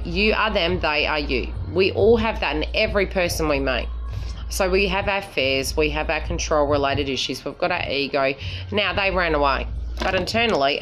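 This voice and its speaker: A woman's voice: lowish voice, fairly bright tone. Blunt, swearing woman psychic over faint music. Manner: blunt, swearing, laughing, asks "right?". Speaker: psychic reader. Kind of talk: casual spiritual talk to viewers.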